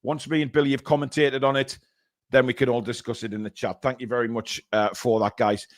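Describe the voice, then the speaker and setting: A man's voice: medium pitch, flat delivery, fairly quick, no room sound, clean studio sound. A middle-aged man co-hosting a live football watchalong, chatting casually and speaking straight to his viewers. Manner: chatty, joking, addresses viewers directly. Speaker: co-host of a live match watchalong.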